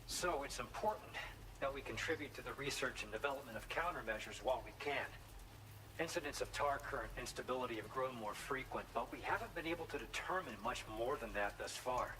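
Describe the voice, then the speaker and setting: A man's voice: medium pitch, bright, forceful tone, far from the mic, a little hiss or hum, natural voice, poor audio. An actor with an Australian accent playing a matter-of-fact male observatory researcher in a video game.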